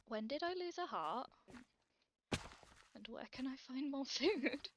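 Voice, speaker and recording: A woman's voice: on the high side, very animated, unhurried, gravelly, pauses often, a bit bright, dull audio, a little hiss or hum. A British woman giving chatty, self-deprecating gameplay commentary as she plays, talking to herself. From Britain. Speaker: Let's Play creator.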